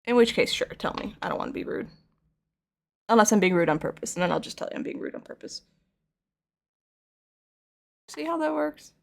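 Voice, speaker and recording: Gravelly-voiced young woman rambling casually. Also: on the low side, quick pace. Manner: rambling, playful, animated storytelling. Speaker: streamer painting figures. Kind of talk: casual chat while crafting.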